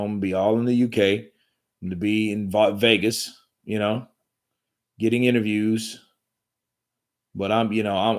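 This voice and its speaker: A man hosting a live boxing commentary stream, talking in a rambling, profane, joking way from home. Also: fairly low pitch.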